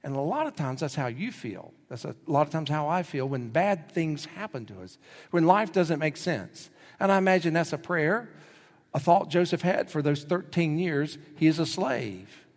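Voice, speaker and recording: A man's voice: a little high, animated, moderate pace, a little mellow. A male pastor preaching a sermon, telling stories and acting out the quoted voices in them. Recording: long hall reverb.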